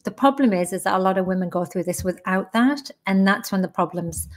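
A woman in her fifties speaks with a Northeast English accent as a podcast guest. She is frank and down to earth, with no fuss. Her voice sits at an ordinary mid pitch. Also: lively intonation, fairly quick. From Northeast England. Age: 50s. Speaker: guest, menopause educator. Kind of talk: casual podcast interview.

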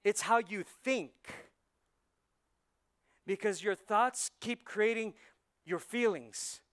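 Male pastor, high and bright voice, chatty preaching that jumps from quiet asides to loud punchlines. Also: slow pace, smooth. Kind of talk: sermon. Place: church sanctuary.

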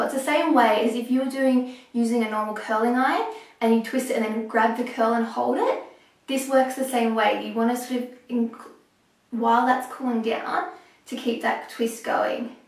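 A young woman talking through a hair tutorial step by step, a little hoarse as she is losing her voice. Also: on the high side, recorded from a distance. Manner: chatty, explaining step by step with pauses. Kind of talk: casual how-to talk while working. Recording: echoey room, voice off-mic.

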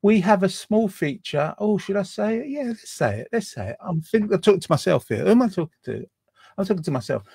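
Playful higher-voiced male chat host. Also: sing-song, brisk, gravelly, a little mellow, breathy edge, no room sound, studio quality. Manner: playful, rambling, self-mocking. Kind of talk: casual online chat show. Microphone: video call.

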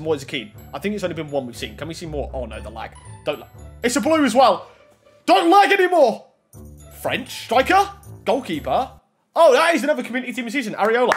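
A young man giving casual, excitable commentary while opening game packs, shouting at good pulls and muttering at bad ones. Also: high voice. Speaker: gaming YouTuber.

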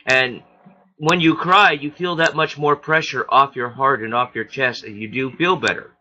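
A man's voice: medium pitch, normal speed, pushed and bright, dull audio. A man calling in on a webcam talk show, arguing defensively and rambling with many restarts. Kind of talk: heated casual chat.

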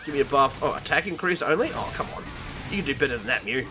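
Excitable young man commentating his gameplay. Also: mid-range voice, fast. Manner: excitable, yelps and laughs while playing, talks to the game. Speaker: gaming channel host. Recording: game music behind.

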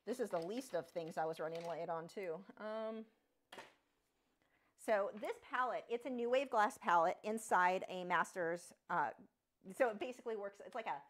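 A woman's voice: moderate pace, fairly bright tone. A woman hosting a live painting tutorial from her home studio, talking in a casual, rambling way and interrupting herself often. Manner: chatty, rambling, self-interrupting; high sing-song voice when talking to her dogs. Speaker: painting instructor on a live stream.

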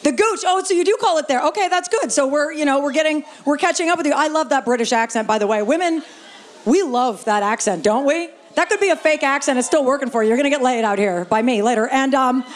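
A woman's voice: high voice, expressive, fast talker. A woman doing a stand-up comedy set in a live venue, brash and playful, swearing freely and bantering with the audience on a stage mic. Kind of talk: stand-up set, crowd work.

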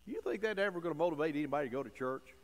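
Folksy preacher guy, kinda high voice, swings quiet to loud, big church echo. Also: animated, racing. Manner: folksy, emphatic preaching that swings from low asides to loud stressed phrases. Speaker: pastor. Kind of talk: sermon. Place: church sanctuary. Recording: long church reverb.

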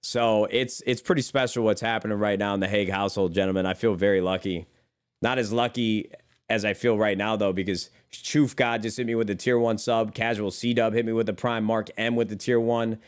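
A man's voice: on the low side, steady tone, brisk, clean tone. A young man streaming live, chatting casually with viewers in a rambling way, swearing freely and calling them brother.

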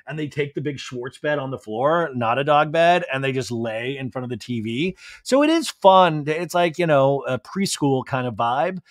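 A male podcast host rattles through a casual recap, jumping into exaggerated put-on voices whenever he quotes someone. His voice sits a bit high for a man. The sound is dry and close, with no room echo at all. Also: animated, fairly quick.

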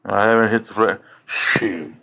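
A man's voice: fairly low pitch, unhurried, vocal fry, sharp tone, poor audio. A man hosting a casual livestream, rambling from one joke to the next and chuckling often at his own stories. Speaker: livestream host.

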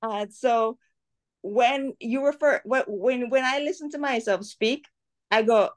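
A woman with a Jamaican accent speaks as an interview guest, outspoken and animated. Her voice sits a little high. She talks casually and pushes her points hard. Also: normal speed. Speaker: cultural commentator, guest.

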